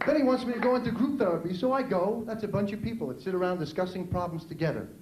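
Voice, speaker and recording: A man with a New York accent performing a stand-up comedy routine on a club stage, delivering jokes punchily and shouting out his character bits. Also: high-pitched, animated, fast talker. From New York City. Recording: echoey club with crowd noise.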